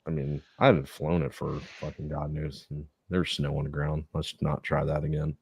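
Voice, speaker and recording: A man's voice: a bass voice, little pitch movement, normal speed, gravelly, husky. A man chatting casually on a podcast, telling rambling stories full of swearing. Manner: profanity-heavy rambling storytelling. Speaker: podcast co-host. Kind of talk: casual chat.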